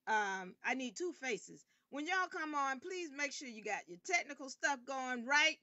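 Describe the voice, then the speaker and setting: Animated high-voiced woman hosting a livestream. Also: unhurried, no echo, highs cut off. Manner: animated and emphatic, bursts into loud outbursts. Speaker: host of an online game show. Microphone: camera rig.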